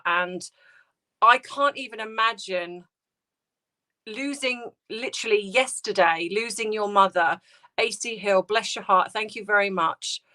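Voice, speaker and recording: Tearful woman, slow and bright. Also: medium pitch. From United Kingdom. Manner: tearful, halting, greeting viewers by name. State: grieving, close to tears. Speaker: livestream host. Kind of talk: emotional casual livestream chat.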